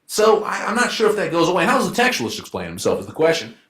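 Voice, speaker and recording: Lively joking man in an echoey room. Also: a little high. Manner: joking, rhetorical, quick back-and-forth asides. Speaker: debater, law firm associate. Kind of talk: informal debate argument. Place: event room.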